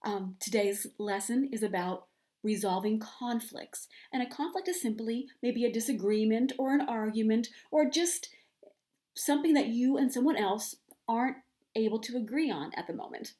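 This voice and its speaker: School counselor lady reading a picture book to first graders, gentle and encouraging, slightly high voice. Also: normal speed. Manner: gentle, encouraging teacher talk. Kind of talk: reading a storybook to children.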